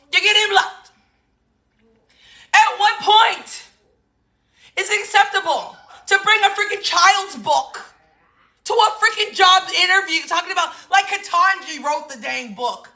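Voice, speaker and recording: A woman in her thirties hosts her own talk show with a very high, bright voice. She talks in an animated, sassy way, laughing and exclaiming often as she gives casual political commentary. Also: normal speed. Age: 30s. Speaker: host.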